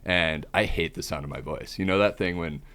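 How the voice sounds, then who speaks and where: A young man, a podcast guest and comedian, talking casually in a deep, monotone voice, relaxed and self-deprecating with hesitant fillers. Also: fairly quick. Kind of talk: casual interview chat.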